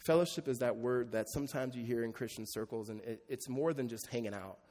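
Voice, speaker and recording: A man's voice: mid-range voice, brisk, a little mellow. A middle-aged man preaching a sermon as pastor, conversational and joking with his congregation. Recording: long reverb of a large hall.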